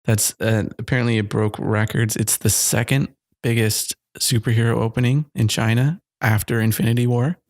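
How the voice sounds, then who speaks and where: A man's voice: medium pitch, fairly even intonation, normal speed, hardly any pauses, a little mellow, dry recording, studio quality. A man co-hosting a podcast in casual chat, rambling and laughing often. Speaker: podcast co-host. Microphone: studio mic.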